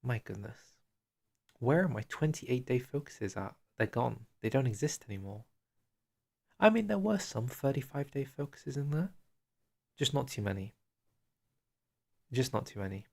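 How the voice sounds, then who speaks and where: Young male streamer, gravelly edge, loose chatty commentary, a bit winded. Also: mid-range voice, animated, a little slow, long pauses. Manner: chatty, chats with viewers, trails off into quiet asides. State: out of breath. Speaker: streamer reviewing a strategy game dev diary. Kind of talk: casual live-stream commentary.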